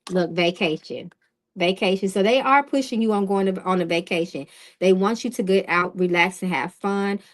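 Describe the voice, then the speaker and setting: A woman's voice: medium pitch, moderate pace. A woman hosting a live-stream tarot reading who talks in a direct, casual way. She often checks in with "okay?" and greets viewers in the chat.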